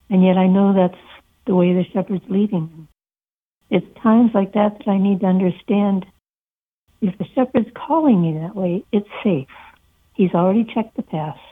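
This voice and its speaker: A woman, a shepherd and author, telling heartfelt stories gently as a guest in a radio interview. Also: medium pitch, slightly rough. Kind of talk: personal testimony in an interview. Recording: tinny phone line.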